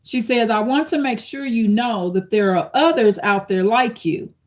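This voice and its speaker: A woman's voice: a little high, normal speed. Woman, live-stream host, reads quotes aloud, talks to viewers as y'all. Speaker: channel host reacting to an article. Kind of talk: live-stream commentary reading an article.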